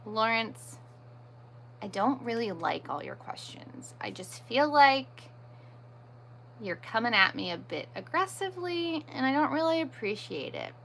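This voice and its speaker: A woman's voice: on the high side, sing-song, a little slow, gravelly, a bit bright, a little hiss or hum. A woman hosting a live stream in casual chat, answering viewer comments and poking fun at herself, firm with pushy viewers. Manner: chatty, answers viewer comments as they come; self-deprecating.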